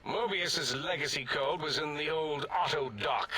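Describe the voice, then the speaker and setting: An actor playing an eccentric, rambling male scientist in a video game, pompous and prone to contradicting himself, with a husky voice. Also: on the high side, a little slow, sharp tone, heavily acted. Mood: regretful. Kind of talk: game character dialogue.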